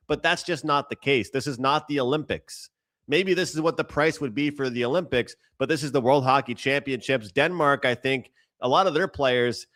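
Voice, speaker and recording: Upbeat Canadian man pitching hockey bets. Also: a bit bright, no echo. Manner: upbeat, salesy, pitches his picks package. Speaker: sports betting show host. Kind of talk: betting analysis talk on a live stream.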